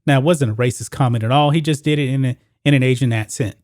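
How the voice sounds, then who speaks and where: A man's voice: medium pitch, fast talker, darkish tone, dry recording, clean studio sound. A man hosting his own sports commentary video, talking straight to viewers and reading news quotes aloud.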